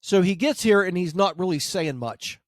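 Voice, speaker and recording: A man with a somewhat high voice tells a story in a relaxed podcast chat and acts out the lines of the people in it. The sound is dry and close, with no room echo. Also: moderate pace. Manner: animated anecdote, acts out quotes. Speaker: dog trainer, podcast host.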